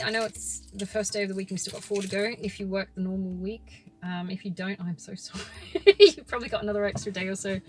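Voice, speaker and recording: A woman hosting a casual podcast from inside her car, blunt and sweary, laughing at herself as she talks. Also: medium pitch. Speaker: podcast host. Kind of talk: casual monologue while driving. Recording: loud car road noise. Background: traffic and engine noise.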